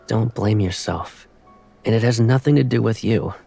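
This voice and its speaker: A hoarse, sick young man acting tough. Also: on the low side, moderate pace, dark tone, faint music behind. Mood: gruff, brushing off. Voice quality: gravelly. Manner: curt, dismissive, teasing. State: hoarse, voice cracking. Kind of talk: game voice acting.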